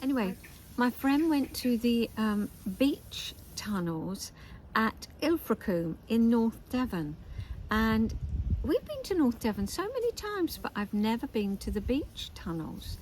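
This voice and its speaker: An older woman hosting a knitting vlog, chatting in a meandering way with asides and pauses, outdoors in a garden. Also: on the high side, big pitch swings, darkish tone, slight background noise, rough recording. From England. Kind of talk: casual chat to camera.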